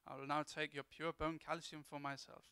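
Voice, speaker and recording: A man's voice: a little high, level tone, a little fast, sharp tone, smooth, dry recording. A man dubbing a boastful male supervillain in a comic reading, hammy and boastful. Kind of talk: comic dub of a webcomic.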